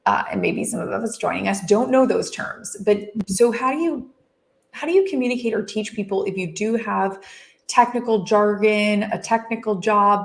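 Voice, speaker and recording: A woman's voice: medium pitch, creaky. A woman hosting an interview, asking long, chatty questions with lots of restarts and fillers. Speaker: host. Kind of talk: casual interview chat. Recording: echoey room.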